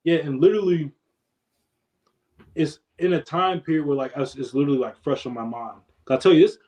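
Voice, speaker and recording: A young man, a podcast guest, in casual chat, telling stories in a laid-back, slangy way that trails off quietly. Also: fairly high pitch, brisk.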